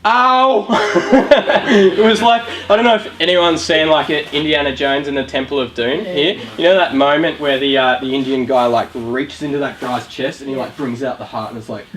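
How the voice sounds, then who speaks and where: Speaking at normal speed in a medium-pitched, fairly bright voice, a young Australian youth charity speaker addresses young people in a room with a live audience. The talk is casual, motivational and chatty, full of questions to them, though the audio is poor.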